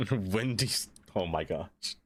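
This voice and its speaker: A young man chatting with his viewers on a live stream, loose and joking as he reacts to the chat. His voice swings high and low and he laughs often. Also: a bit bright, husky.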